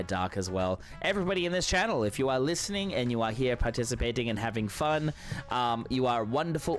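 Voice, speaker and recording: A man streaming a game live, chatting casually in a friendly, encouraging way with lots of ums and restarts. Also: medium pitch. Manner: friendly, encouraging, rambling with many fillers. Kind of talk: casual live-stream chat while playing.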